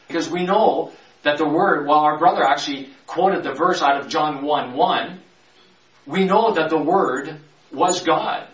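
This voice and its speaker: A man's voice: on the high side, fairly bright tone. Man preaching from a distant mic, roomy. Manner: stretches key words slowly, rushes through asides. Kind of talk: conversational Bible teaching. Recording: roomy, distant, dull sound.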